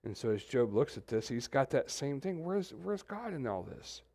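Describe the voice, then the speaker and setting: A man's voice: mid-range voice, big pitch swings, normal speed, a little mellow. A man from Texas, preaching a sermon as pastor and wandering into joking asides.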